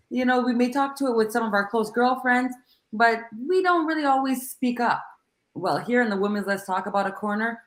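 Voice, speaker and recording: A woman co-hosting a casual panel talk, with a smooth radio voice and a slow, drawn-out delivery. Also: mid-range voice, fairly bright tone. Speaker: program director and co-host. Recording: roomy echo.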